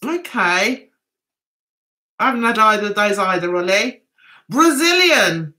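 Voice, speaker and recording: Livestream host, middle-aged woman, Mancunian accent, bright and bubbly tone, reads chat comments between giggles. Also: mid-range voice, lively intonation, measured pace. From Manchester, England. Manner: chatty, giggly, reads viewer comments aloud.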